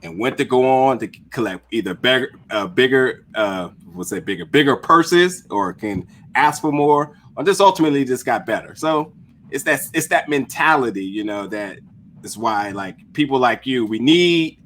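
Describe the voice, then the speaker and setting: A man's voice: medium pitch, animated, moderate pace, a bit bright, slight background noise. Laid-back, encouraging New man. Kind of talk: casual podcast chat.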